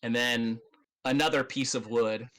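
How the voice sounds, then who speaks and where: A man narrating as game master of a tabletop game, in a loose, halting way with many fillers and casual swearing. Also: mid-range voice, steady tone, a bit bright, low-quality recording.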